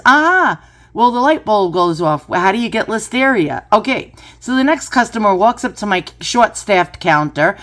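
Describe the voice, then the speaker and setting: A middle-aged woman giving casual reaction commentary, chatty and animated, telling stories with asides. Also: medium pitch. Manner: animated, chatty storytelling with asides, repeats "boys and girls". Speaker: commentator reacting to a news clip.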